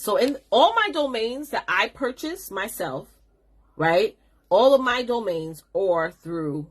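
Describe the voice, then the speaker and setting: Husky, chatty New woman coaching. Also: fairly low pitch. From New York. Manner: chatty, sassy, addresses viewers as honey. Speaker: business coach hosting a live stream. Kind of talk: casual live-stream teaching.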